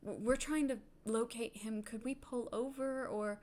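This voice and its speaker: A woman's voice: a little high, fairly even intonation, unhurried, darkish tone, slight background noise. A woman running a tabletop role-playing game as game master, narrating with frequent giggles. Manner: giggly, laughs often while narrating.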